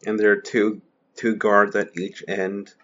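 A man with a very deep voice chats about a story in a loose, hesitant way, with lots of "uh"s as he goes. The recording sounds dull and lo-fi. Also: level tone, measured pace, a bit bright. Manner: chatty, hesitant, many fillers. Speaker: discussion co-host. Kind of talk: casual literary discussion.

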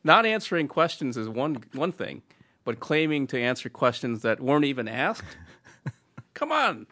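A man's voice: medium pitch, sing-song, measured pace, pauses often, sharp tone. A man co-hosting a podcast, reading a listener's letter aloud and laughing and stumbling over the words.

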